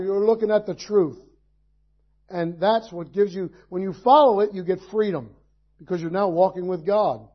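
A man's voice: high voice, moderate pace, highs cut off. A male pastor preaching a sermon, in a conversational style with folksy asides and rhetorical questions.

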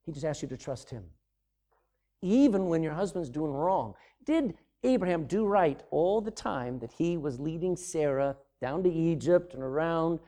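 A middle-aged man preaching a sermon as pastor, swinging from loud emphasis to sudden hushed drops. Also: on the high side, lively intonation, normal speed.

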